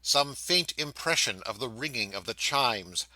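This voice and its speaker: Man, audiobook narrator, measured expressive reading, dry close sound. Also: mid-range voice, dry recording, rough recording. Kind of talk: scripted narration.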